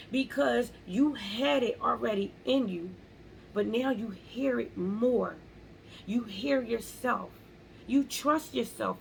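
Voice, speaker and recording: A woman's voice: on the high side, vocal fry, slight background noise, low-quality recording. A woman vlogger speaking earnestly about faith and pressing on, repeating key phrases for emphasis. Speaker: motivational vlogger. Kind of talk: casual faith-based encouragement.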